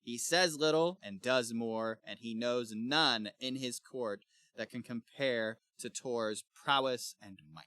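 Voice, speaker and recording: A young man co-hosting a casual book club podcast, talking in a relaxed, rambling way and laughing often. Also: mid-range voice, slow pace, dry recording, clean studio sound. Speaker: podcast co-host.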